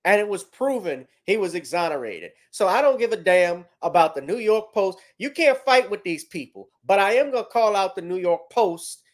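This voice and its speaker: A man with a high-set voice rants through his commentary, blunt and profane. He hammers his points hard and swears freely. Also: animated, moderate pace, hardly any pauses. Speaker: commentary host. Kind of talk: ranting commentary.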